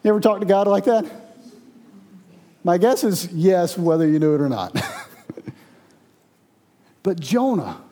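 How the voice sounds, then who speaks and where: A man preaching a sermon to his congregation, with dramatic swings in volume and loud, raised passages. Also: high-pitched, expressive, a little slow, pauses often. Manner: preaching with dramatic swings, loud when voicing the angry prophet. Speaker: pastor.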